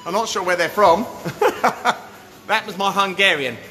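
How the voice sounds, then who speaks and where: A man running a live-stream sales pitch from a showroom. He drives the viewers on, shouting out calls to join in. His voice is high and bright, and it echoes through the room over background music. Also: moderate pace. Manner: pushy, hyped, calls out to viewers, keeps asking "yeah?". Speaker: hot tub dealer hosting a giveaway livestream.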